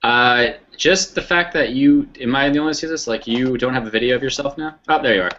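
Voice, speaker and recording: A man jokes and teases as a guest on a video-call panel, his voice bright and sharp. The sound is dull and compressed. He talks in a loose, playful way. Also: medium pitch, quick pace, slight background noise. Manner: joking, teasing.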